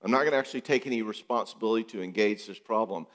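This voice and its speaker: A middle-aged male psychologist talks through relationship problems in a casual, animated way, asking rhetorical questions and hammering points home by repeating them. His voice sits a little low. A long reverb trails behind each phrase. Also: very fast.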